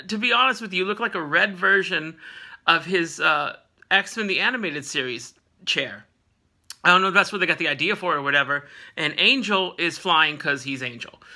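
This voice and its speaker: A man with a fairly high voice and a very bright, sharp tone, recapping a comic issue as an offhand chat. He is jokey and slangy, and he keeps jumping into quick impressions of the characters. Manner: animated, jokey, slangy, acts out characters' lines. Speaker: comic book recap host. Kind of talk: casual comic recap storytelling.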